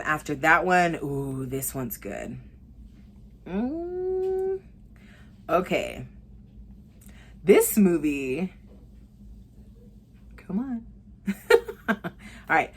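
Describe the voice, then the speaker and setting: A young woman vlogger with a low voice recommends movies in a loose, casual way. She gets excited, swears freely and keeps saying "like". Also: very slow, pauses often.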